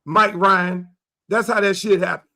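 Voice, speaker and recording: A middle-aged man hosting a sports talk show, animated and profane, acting out quoted dialogue as he rants. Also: high-pitched, a little slow. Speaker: show host.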